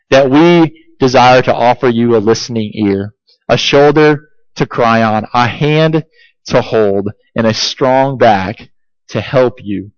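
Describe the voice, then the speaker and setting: Man, pastor, sermon, slow measured delivery, emphatic rhetorical questions, dull muffled recording. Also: medium pitch, dry recording. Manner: asks repeated rhetorical questions, emphatic and deliberate.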